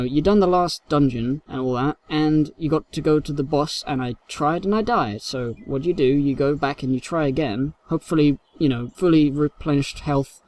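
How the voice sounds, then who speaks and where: A man's voice: a little high, a little mellow. A young man from England with a London accent, casually rambling through viewer questions in a Q&A vlog. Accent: London English. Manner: rambling, self-deprecating, reads questions aloud. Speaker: YouTuber answering viewer questions.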